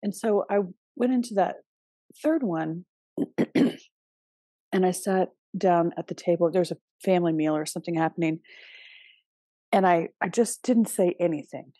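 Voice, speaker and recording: A woman hosting her own podcast in a loose, chatty monologue. Her voice is husky and warm, and she drops in casual fillers and the occasional curse. The sound is dry and close, with no room echo. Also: fairly low pitch, unhurried, long pauses. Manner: relaxed and conversational, with frequent fillers and casual swearing. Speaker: podcast host.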